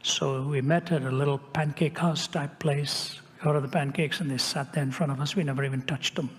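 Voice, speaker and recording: Older man, preacher, raised pitch, conversational storytelling sermon, long hall reverb. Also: steady tone, fairly quick. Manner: conversational, drops to a hush for solemn moments.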